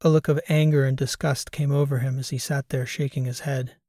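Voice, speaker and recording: A man narrating a science fiction audiobook in a steady, even storytelling manner. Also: medium pitch, fairly quick, dry recording, studio quality. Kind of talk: scripted narration.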